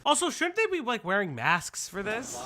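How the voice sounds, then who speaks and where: A stream host from the United States giving excitable casual commentary, swearing and restarting sentences. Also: medium pitch, moderate pace, slight background noise.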